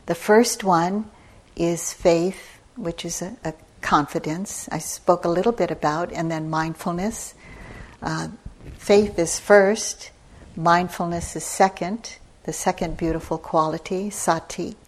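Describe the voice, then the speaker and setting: An older woman gives a dharma talk in an unhurried, reflective way. Her voice sits a little low, and she speaks very slowly, with soft pauses between her thoughts. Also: steady tone. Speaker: meditation teacher. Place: retreat center hall.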